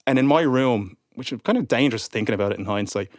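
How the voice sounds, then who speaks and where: A young man, a podcast guest, telling an animated anecdote in casual chat and acting out what others said. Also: mid-range voice, fast, no room sound, studio quality. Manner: animated, acts out quotes of others.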